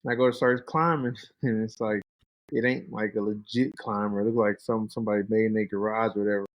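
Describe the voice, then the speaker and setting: A man in his thirties, a guest on a podcast, telling hunting stories casually and acting out his friends' lines in a higher voice. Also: brisk, dry recording, lo-fi sound. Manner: animated, acts out quoted friends in a higher voice. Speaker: guest, pro fighter and bow hunter. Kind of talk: casual storytelling.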